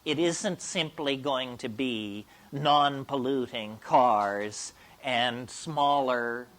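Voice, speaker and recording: A man's voice: medium pitch, extremely slow, fairly bright tone. A man giving a public lecture in a provocative, emphatic and wry way.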